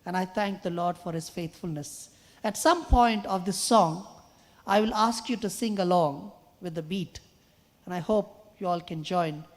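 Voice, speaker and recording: A man with a high, soft voice often mistaken for a woman's. He preaches earnestly to a young audience, weaving stories and repeating a refrain. The sound carries the long reverb of a large hall. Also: unhurried. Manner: earnest, storytelling, with quoted refrains. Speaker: guest musician and speaker. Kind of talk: sermon-style talk to a youth audience. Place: large hall at a choir festival.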